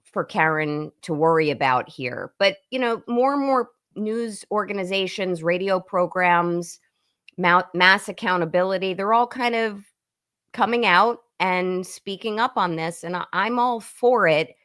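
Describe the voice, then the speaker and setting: A woman's voice: lowish voice, a little slow, fairly bright tone. Chatty woman lawyer on a video call. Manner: chatty, thinks aloud with many restarts. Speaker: guest lawyer. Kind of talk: casual livestream chat.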